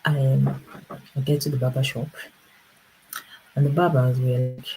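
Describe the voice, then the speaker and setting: A middle-aged woman hosting a casual livestream, telling an animated personal story with laughter and acted-out voices. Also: rumbling low, moderate pace, background noise. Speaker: livestream host and business coach.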